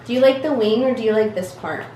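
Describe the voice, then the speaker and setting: A young woman guest chats in an easygoing, offhand way during an eating video. Her voice is a little high. The room echoes, with a faint hiss behind her. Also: fast, warm tone. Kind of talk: casual mukbang chat.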